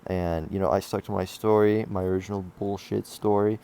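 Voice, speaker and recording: Deep gravelly young man rambling. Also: fairly quick, few pauses, dark tone. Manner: rambling, profane, lots of fillers and restarts. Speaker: vlogger telling a school story. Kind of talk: casual storytime monologue.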